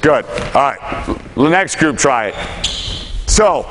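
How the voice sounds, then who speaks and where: A male basketball coach talks his players through a full-court drill, mixing short, brisk commands with explanations at a middling pitch. Faint background noise and bouncing balls sit under his voice in the gym. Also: sing-song, fairly bright tone, rough recording. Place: gym during practice.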